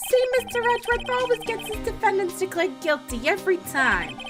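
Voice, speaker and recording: Girl doing a gruff loyal cop guy from a video game, folksy, says pal a lot, voice jumps up and down. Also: very high-pitched, sing-song, a little fast, over loud music, pitched above the performer's own voice. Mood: earnest. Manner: folksy, calls people pal. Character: gruff loyal male police detective. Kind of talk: reading game dialogue aloud.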